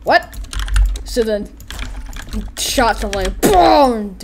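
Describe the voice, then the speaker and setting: A woman giving goofy, rambling gameplay commentary, narrating the action loosely. Her voice sits somewhat high and swings lively up and down. Loud keyboard typing and clicks run behind her. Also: takes it slowly, background noise. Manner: rambling, goofy, acts out every character.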